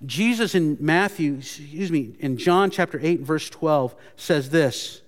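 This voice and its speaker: A man's voice: fairly high pitch, measured pace, hardly any pauses. A man preaching a sermon as pastor, earnest and emphatic, often restarting his phrases. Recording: long hall reverb.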